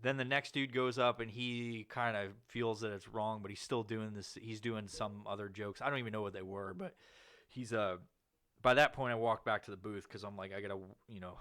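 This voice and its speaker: A man's voice: fairly even intonation, normal speed. A man hosting a podcast, telling a long story in casual chat, swearing often and rambling with fillers. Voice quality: profane, rambling delivery with many fillers. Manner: acts out quoted people with sudden loud, higher outbursts. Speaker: podcast host.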